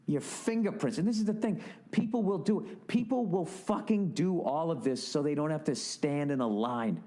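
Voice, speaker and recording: A man's voice: fairly high pitch, moderate pace, warm tone. A man hosting a podcast, delivering an exasperated, heavily profane solo rant with sarcastic, mocking asides. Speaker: podcast host.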